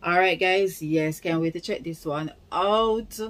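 A woman's voice: lowish voice, unhurried. A woman hosting a reaction video, chatting directly to her viewers. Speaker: reaction channel host. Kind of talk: casual video intro.

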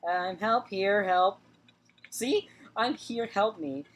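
A woman's voice: medium pitch, slow pace. A woman hosting a let's play video, talking chattily over her gameplay, repeating words and joking with the characters on screen. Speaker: gaming channel host.

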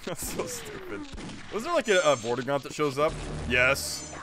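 A young man chats through a game stream, joking, swearing and wandering off on tangents. His voice sits a bit high and swings around a lot, with steady noise under the recording. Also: unhurried. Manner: rambling, joking, swears and laughs often. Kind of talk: casual gaming commentary.

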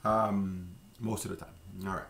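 Guy teaching words, lowish voice, kinda gravelly, slow and easygoing with lots of ums. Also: little pitch movement, a bit bright. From Louisiana. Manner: unhurried, with many fillers and slow repeated pronunciations. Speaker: French language teacher. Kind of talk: relaxed vocabulary lesson.

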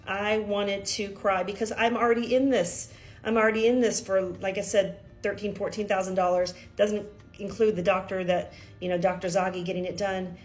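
Emotional, confiding woman vlogger from Kentucky, middle-aged, mid-pitched, faint music bed. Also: little pitch movement, moderate pace. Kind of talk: personal video diary.

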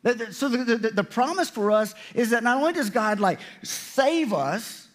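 A man's voice: very high voice, lively intonation, moderate pace. A man pastor giving a conversational sermon, often restarting his sentences and acting out what God and people say. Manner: conversational preaching with many restarts and voiced quotes.

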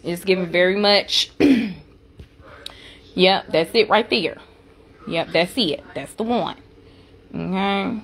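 A woman's voice: on the low side, takes it slowly, long pauses, a bit bright. A middle-aged woman and mother, chatting in a sassy, talkative way for a casual family vlog. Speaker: mother and vlogger.

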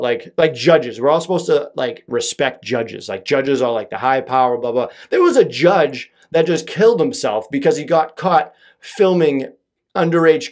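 A young man hosting his own podcast alone, rambling casually with frequent swearing and self-deprecating asides. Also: mid-range voice. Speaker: podcast host. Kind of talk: solo podcast monologue.

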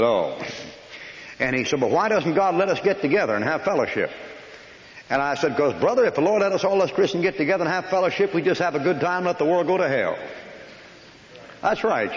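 A man preaching a folksy, joking sermon in a church hall, rattling off long lists at speed. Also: fairly high pitch. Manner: folksy, joking, rapid listing. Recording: echoey lo-fi old hall recording.

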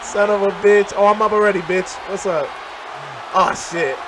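A man commenting on his own wrestling game as he plays, loud and profane, trash-talking and often shouting. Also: high voice, fairly even intonation, normal speed. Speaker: gaming channel host. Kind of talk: live reactive gameplay commentary. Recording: crowd and game noise behind.

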